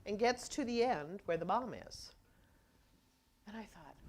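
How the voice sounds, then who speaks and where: A woman's voice: a little high, expressive, brisk. A woman minister preaching a conversational sermon, telling stories and acting out people's reactions as she goes.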